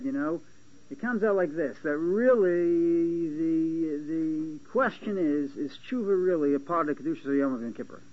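Halting man giving a Talmud lecture. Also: fairly high pitch. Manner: halting, restarts often, checks listeners' understanding. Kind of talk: Talmudic lecture to a small class. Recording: dull lo-fi lecture recording with faint hiss.

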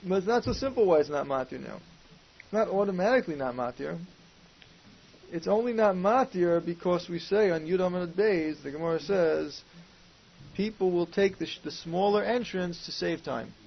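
A man's voice: high voice, normal speed, vocal fry. A man teaching a Talmud class, reasoning aloud and posing questions, in a muffled lo-fi recording with faint hiss. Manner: questioning, reasoning aloud with Hebrew and Aramaic terms.

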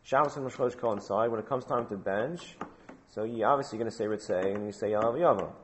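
A man's voice: on the low side, quick pace, fairly bright tone, a little hiss or hum. A man teaching a Talmud class, prompting his students with questions and repeating phrases for emphasis.

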